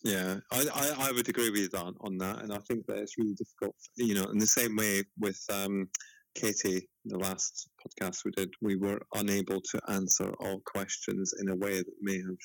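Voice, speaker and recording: A man's voice: lowish voice, fairly even intonation, moderate pace, gravelly, no echo, low-quality recording. Hesitant man on a call. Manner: rambling, hesitant, many fillers. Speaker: podcast co-host. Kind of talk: casual podcast chat.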